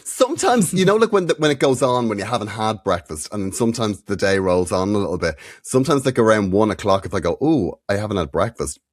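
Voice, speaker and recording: Irish guy on a comedy podcast, animated and laughing through his own story, super dry mic. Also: fairly low pitch, fast, few pauses, dry recording. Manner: animated, self-mocking, laughs through stories. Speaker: podcast co-host. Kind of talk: comic storytelling chat.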